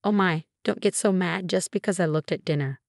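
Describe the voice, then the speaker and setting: A woman's voice: on the low side, fairly quick, vocal fry, dry recording, studio quality. A woman voicing a nagging, spiteful middle-aged mother-in-law who scolds and talks down in a scripted story. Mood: scolding. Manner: scolding, condescending.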